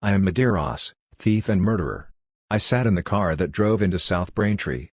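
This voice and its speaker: A man's voice: deep voice, animated, normal speed, husky, no room sound, studio quality. A man reading the part of a distraught young male thief on death row, pleading and desperate.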